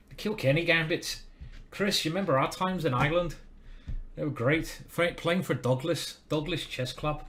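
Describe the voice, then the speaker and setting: Chatty man commentating his chess games. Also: fairly high pitch. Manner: chatty, self-deprecating asides to chat. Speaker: chess grandmaster streamer. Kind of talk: live-stream chess commentary.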